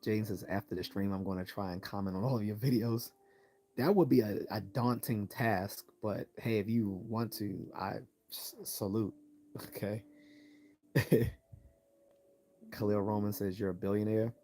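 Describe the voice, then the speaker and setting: A man hosting a casual live-stream Q&A, reading chat messages aloud and answering them in a relaxed way, laughing often and repeating words as he starts, while losing his voice. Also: lowish voice, moderate pace.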